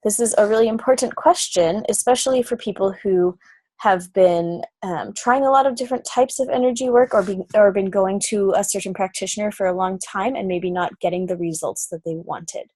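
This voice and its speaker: A woman teaching an energy-healing class, earnest and reassuring, guiding listeners through slow breathing steps. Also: medium pitch, darkish tone, no room sound. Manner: earnest, reassuring, with frequent "um"s and guided breathing prompts. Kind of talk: recorded class lecture.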